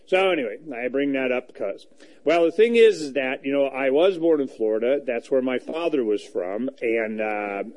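A man's voice: mid-range voice, lively intonation, normal speed, darkish tone. A man hosting a talk show from the road, telling rambling stories full of fillers and restarts. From United States. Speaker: radio talk show host. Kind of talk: casual talk show monologue. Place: on the road, traveling.

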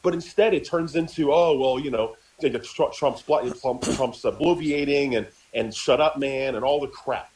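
A man of middle pitch argues on a political radio show, tripping over and repeating his words as he builds a point. His delivery stays casual and conversational. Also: moderate pace, hardly any pauses, darkish tone, poor audio. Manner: stammering, repeats words while building an argument.

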